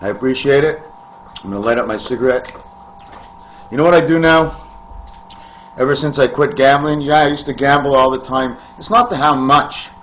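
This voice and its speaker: A man vlogging in a meandering, free-associating monologue to camera, with sudden loud bursts. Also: medium pitch, moderate pace, long pauses, slight background noise.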